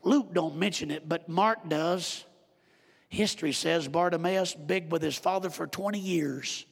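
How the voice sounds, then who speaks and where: A man preaches in a high, gravelly voice, telling the story vividly and calling out to his listeners. His husky voice rings through a church with a long reverb. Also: a little slow. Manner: animated storytelling, direct address. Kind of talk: sermon.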